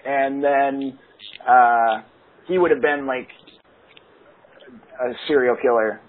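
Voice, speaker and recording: A man's voice: mid-range voice, fairly even intonation, slow. A man co-hosting a casual comedy podcast, rambling through a silly story with lots of fillers and laughs. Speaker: podcast co-host. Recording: tinny phone-like sound, faint hiss.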